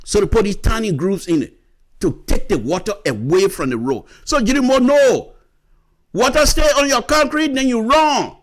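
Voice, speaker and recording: Liberian guy ranting on the radio, high voice, pitch all over the place. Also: moderate pace. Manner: lively, lecturing, repeats words while explaining. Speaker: radio commentator. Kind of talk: opinionated radio talk.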